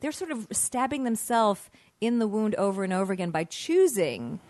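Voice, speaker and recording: A woman talking emphatically in an interview conversation, animated as she explains and tells stories. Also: mid-range voice, moderate pace, dry recording. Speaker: comedian guest.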